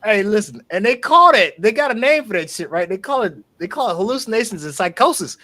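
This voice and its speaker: A man's voice: high-pitched, quick pace. A man co-hosting a podcast in casual chat, telling stories with profanity and acting out the quotes. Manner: animated storyteller, profane, acts out quotes. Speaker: podcast co-host.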